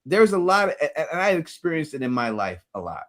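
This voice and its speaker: A man's voice: fairly high pitch, very animated, a little fast, fairly bright tone. A man hosting a review show who tells personal stories in casual chat, often repeating words as he gets going. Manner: storytelling, repeats words while talking. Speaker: host.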